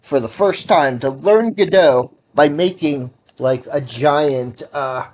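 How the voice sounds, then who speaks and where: A man's voice: on the high side, slow pace, darkish tone. A man casually talking while programming on a livestream, rambling and correcting himself as he gives advice, sounding a bit tired. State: tired, yawning. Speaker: livestreaming game developer.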